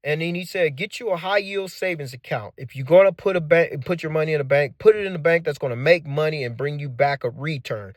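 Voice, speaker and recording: A man's voice: on the high side, brisk, few pauses, dry recording, clean studio sound. A man in his forties telling a personal money story in a casual, conversational way, acting out his own and others' words. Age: 40s. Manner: animated, acts out quoted dialogue; conversational with slangy phrasing. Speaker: finance channel host.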